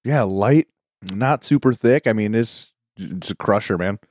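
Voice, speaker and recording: A man's voice: on the low side, measured pace, a little mellow, dry recording, studio quality. A man co-hosting a podcast, casually reading out and joking about beer tasting notes. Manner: jokey, reads tasting notes playfully. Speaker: podcast co-host reviewing beer. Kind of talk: casual chat.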